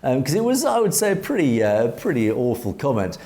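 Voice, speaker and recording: A man's voice: mid-range voice, sing-song, fairly quick, mellow. A man with an English accent co-hosting an opinionated commentary talk show, speaking emphatically, reading out viewer comments and often restarting his phrases. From Europe. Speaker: co-host.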